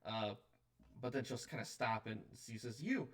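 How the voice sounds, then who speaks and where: A man's voice: fairly low pitch, flat delivery, moderate pace, fairly bright tone, distant mic. A man narrating as game master for a tabletop game, hesitant and full of fillers.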